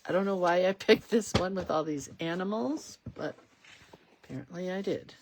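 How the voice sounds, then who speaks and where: This craft stream host has a voice on the low side and a moderate pace, set against a noisy background. She chats casually and rambles while crafting, reading viewers' comments aloud.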